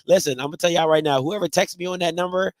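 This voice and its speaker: Male host, high lively voice, dry close sound, chatty storyteller at home. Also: rapid-fire, no echo. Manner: animated storytelling, repeats phrases. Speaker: livestream host. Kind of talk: casual livestream chat. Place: home, snowed in.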